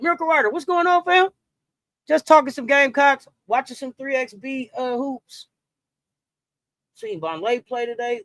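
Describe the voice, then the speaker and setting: A man hosting a casual livestream sports chat, animated and slangy, greeting viewers and reading their comments aloud. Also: high voice, no echo. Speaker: sports talk host.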